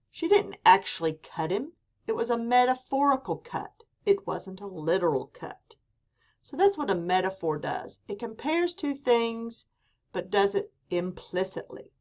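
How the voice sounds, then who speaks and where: A woman teacher giving a classroom lecture, speaking deliberately and reading quoted examples with emphasis. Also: mid-range voice.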